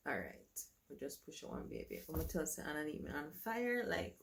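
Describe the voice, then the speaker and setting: A woman telling her own story to camera in a casual, animated way, acting out what others said to her. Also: low-pitched, gravelly.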